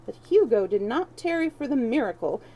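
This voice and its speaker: Mellow woman reading a storybook. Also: fairly high pitch, sing-song, a little fast, rough recording. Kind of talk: live-streamed storybook reading.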